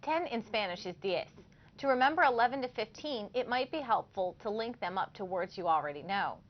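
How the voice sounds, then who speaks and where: A woman teaches a scripted language lesson in a clear, careful voice. Her pitch sits mid-range for a woman. The audio is a little dull and lo-fi. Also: lively intonation, fairly quick.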